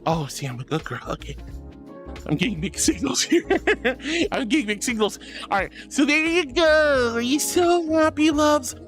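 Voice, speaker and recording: A woman streaming as a VTuber, chatting casually and playfully with her viewers and teasing them in squeaky, cutesy tones. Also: sing-song, unhurried, faint music behind. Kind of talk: casual live-stream chat.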